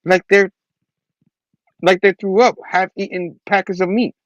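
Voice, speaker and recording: A man's voice: high voice, steady tone, measured pace, dry recording, dull audio, voice pushed up. A man voicing a wisecracking young male superhero in a casual comic book retelling, quippy and bantering.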